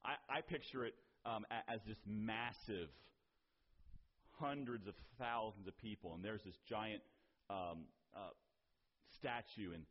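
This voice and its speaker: A man's voice: fairly low pitch, a little slow, breathy edge. A man preaching a sermon as pastor, in a conversational way with asides and rhetorical questions, on a dull lo-fi recording.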